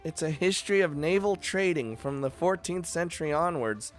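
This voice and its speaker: A man's voice: fairly high pitch, expressive, moderate pace, soft background music, pitched above the performer's own voice, lightly acted. A man voicing a practical young woman companion who speaks in a matter-of-fact, lightly teasing way.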